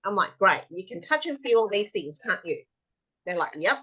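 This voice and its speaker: A woman's voice: medium pitch, sing-song, moderate pace, a bit bright, husky, muffled recording. A woman tapping practitioner, a podcast guest, telling stories animatedly and acting out children's replies in conversation. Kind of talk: conversational explanation.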